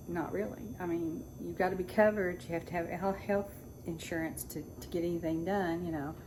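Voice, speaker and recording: A woman in her sixties, a retired teacher, ranting casually at home in a talkative, exasperated way with sarcastic asides. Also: lowish voice. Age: 60s. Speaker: vlogger. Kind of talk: casual rant. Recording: noticeable background noise.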